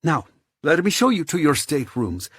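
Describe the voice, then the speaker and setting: A man's voice: on the high side, very animated, normal speed, slightly rough, no echo, studio quality, pitched above the performer's own voice. A man voicing a flamboyant, effusive male host with a sing-song, theatrical delivery in an audiobook. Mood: playful. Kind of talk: audiobook character voice.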